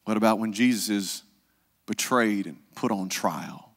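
A male pastor, preaching a conversational sermon and dropping to a hush for the solemn parts. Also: on the low side, unhurried, big-room sound. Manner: conversational preaching, acts out quoted voices, drops to hushed tones.

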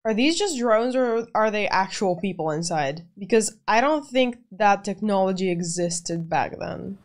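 A woman's voice: mid-range voice, animated, unhurried. A young woman in her twenties hosting a movie reaction video, exclaiming and swearing freely as she reacts. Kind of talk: casual movie reaction commentary.

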